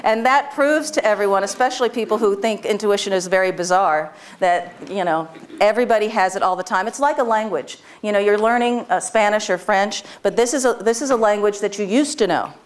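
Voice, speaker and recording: A woman's voice: mid-range voice, a little fast, few pauses. A woman presenting a live workshop to an audience, chatty and informal, with lots of fillers and restarts and frequent laughter. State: tearful.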